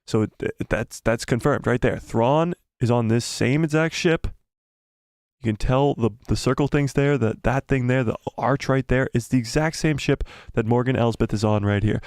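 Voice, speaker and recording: A man hosting a live stream, excitedly breaking down a trailer, talking quickly and repeating phrases. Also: mid-range voice, no room sound, studio quality.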